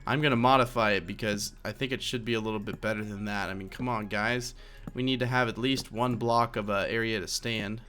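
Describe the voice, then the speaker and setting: A man's voice: fairly low pitch, fairly even intonation, fairly quick, bright, forceful tone. A young man narrating a game building tutorial in a rambling, chatty way, with lots of fillers and self-corrections. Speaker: Minecraft tutorial creator. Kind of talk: casual game tutorial voice-over.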